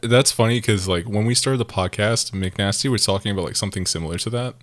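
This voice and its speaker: A young man co-hosting a casual podcast, rambling and excitable, swearing and laughing loudly. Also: fairly low pitch, fast, no echo. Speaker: podcast co-host.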